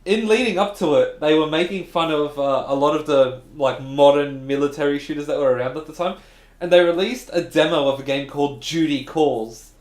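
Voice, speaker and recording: A man co-hosting a gaming podcast, telling stories in an animated, casual way with some swearing. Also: on the high side. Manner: animated storytelling, swearing, quick asides. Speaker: podcast co-host. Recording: echoey room.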